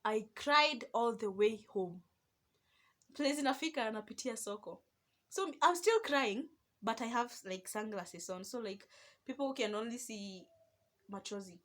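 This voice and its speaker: A young woman with a Kenyan accent, telling a personal story in a lively, casual vlog and slipping between Swahili and English. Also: a little high, a little slow. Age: young adult. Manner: animated, mixes Swahili and English. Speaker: vlogger.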